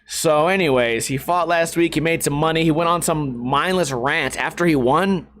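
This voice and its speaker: A man hosting a casual solo podcast, talking in a brash, profane and excitable way. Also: a little high, moderate pace, a little hiss or hum. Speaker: podcast host.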